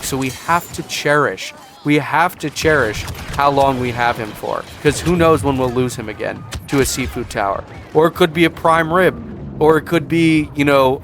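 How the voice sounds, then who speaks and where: A man's voice: fairly high pitch, fairly bright tone, a little hiss or hum. A man giving casual reaction commentary as a vlogger, sarcastic and rambling with restarts.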